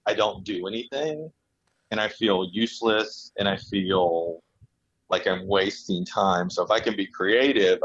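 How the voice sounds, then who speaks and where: A man's voice: on the low side, a bit bright, husky, no room sound, dull audio. A man co-hosting a podcast in casual chat, rambling with restarts and fillers. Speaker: podcast co-host.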